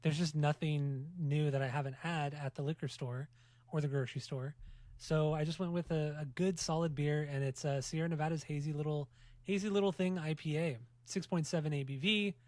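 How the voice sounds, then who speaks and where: A man hosting a casual music podcast, bantering fast and joking with profanity. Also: fairly high pitch, fairly even intonation, darkish tone, no echo. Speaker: podcast host.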